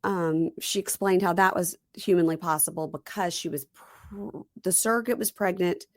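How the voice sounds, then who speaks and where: A woman's voice: on the low side, normal speed, no room sound, clean studio sound. A woman hosting a podcast, chatting casually about reality TV and telling stories with quoted voices. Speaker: podcast host.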